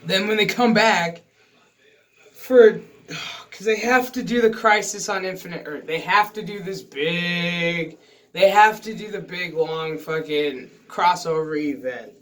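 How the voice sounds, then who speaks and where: A man's voice: high voice, measured pace, a bit bright. A man vlogging a casual, profane review of a TV episode, exasperated and swearing freely.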